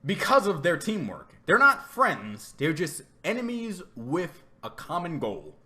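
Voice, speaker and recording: A man giving a rambling, animated reaction commentary, laughing often and repeating himself as he talks. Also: fairly high pitch, measured pace. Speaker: reaction video host.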